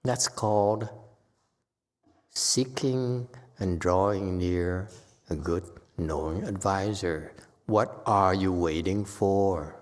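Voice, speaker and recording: A man's voice: low voice, takes it slowly, pauses often. A man giving a Buddhist dharma lecture, blunt and scolding, often checking whether listeners understand. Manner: blunt, scolding, repeats questions to the audience. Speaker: Buddhist monk teacher. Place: temple lecture hall. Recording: long hall reverb.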